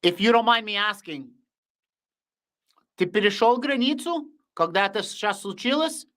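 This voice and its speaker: Man, Russian accent, young adult, livestream host, casual chat, blunt, slightly high-pitched. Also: moderate pace. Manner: animated, repetitive thank-yous, blunt.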